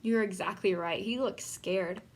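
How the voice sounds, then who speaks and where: A woman teacher giving an interactive read-aloud of a picture book, pausing to ask questions and point out the pictures. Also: mid-range voice.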